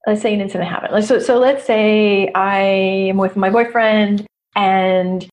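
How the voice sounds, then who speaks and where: A middle-aged woman business coach speaks casually and openly, poking fun at her own mistakes. Her delivery is animated and she laughs often, with a voice pitched in the middle range for a woman. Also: unhurried. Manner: candid, animated, self-deprecating, laughs often. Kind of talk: casual motivational talk.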